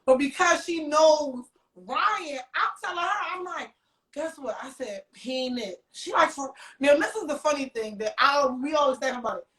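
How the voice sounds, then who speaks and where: A high-voiced woman at normal speed tells a casual, animated story as a podcast guest, voicing the quoted dialogue. The recording is distant and off-mic, in an echoey room.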